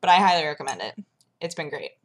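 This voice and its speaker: A woman's voice: low voice, sing-song, quick pace. A young woman vlogger chatting casually and telling a story, acting out her own reactions as she goes. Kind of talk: casual chat.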